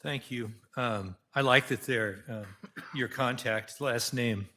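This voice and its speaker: A male council member talks through his questions, stopping and restarting his sentences often. His voice has a bright, forward edge at an ordinary pitch. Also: a little hiss or hum. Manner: halting, many restarts and fillers. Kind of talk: council deliberation.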